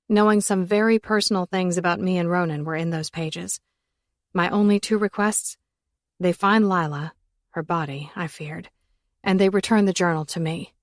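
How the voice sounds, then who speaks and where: A woman's voice: lowish voice, dry recording, clean studio sound. A woman narrating an audiobook in the first person, with an intense, emotional delivery.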